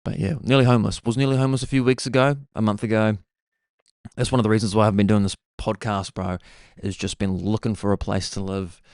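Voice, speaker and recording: A man's voice: lowish voice, level tone, quick pace, a little mellow, smooth, dry recording, studio quality. Laid-back man rambling on a podcast. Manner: laid-back, meandering, peppers speech with "bro". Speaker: podcast host. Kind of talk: casual rambling monologue.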